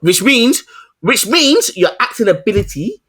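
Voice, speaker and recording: A man's voice: sits high, big pitch swings, measured pace, a bit bright, husky. A man co-hosting a casual film review podcast, heated and teasing, calling his co-hosts liars. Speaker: podcast co-host.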